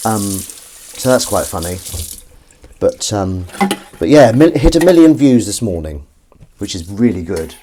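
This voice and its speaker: A man's voice: on the low side, big pitch swings, a little slow, long pauses, dark tone, a little hiss or hum. A man hosting a casual live stream from his kitchen, rambling, cutting himself off mid-sentence and swearing casually. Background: faint running water and sink sounds.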